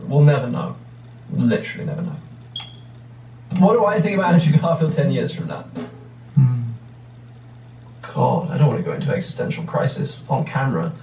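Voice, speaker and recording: A man's voice: medium pitch, lively intonation, moderate pace, vocal fry, long pauses, a little mellow, reverberant, recorded from a distance, soft background music, low-quality recording. A man in his thirties with an English accent, answering questions in a rambling, reflective way with many restarts. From England. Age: 30s. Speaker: actor answering fan questions. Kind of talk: casual interview answers.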